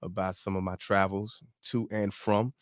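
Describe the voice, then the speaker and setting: A man's voice: deep voice, flat delivery, normal speed, no room sound, clean studio sound. A man from Georgia, a DJ and comedian guesting on a radio show, playful and jokey. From Georgia, USA. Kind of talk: casual radio chat. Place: radio studio.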